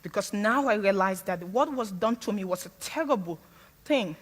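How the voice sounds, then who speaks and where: A woman's voice: medium pitch, moderate pace, in a large hall. A woman from Sierra Leone, whose first language is not English, gives a frank, humorous stage talk as a guest speaker. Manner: frank, humorous, animated storyteller. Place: stage before a live audience.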